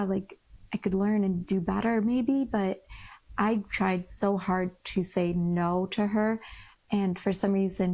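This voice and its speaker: A woman's voice: mid-range voice, gravelly, dark tone. A young woman telling a candid vlog story in a frank, rambling, exasperated way. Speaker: vlogger.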